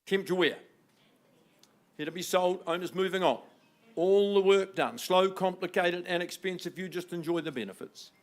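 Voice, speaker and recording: A man opening a property auction with a theatrical, flowery sales pitch. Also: moderate pace. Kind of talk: auction patter. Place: auction room.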